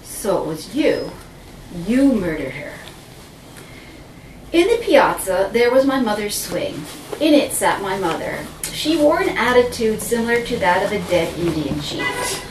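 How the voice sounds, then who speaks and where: A woman telling a dramatic first-person story, theatrical and swinging between breathless and hushed. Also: mid-range voice, very animated, measured pace, slight background noise. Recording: roomy, distant mic with faint ambience.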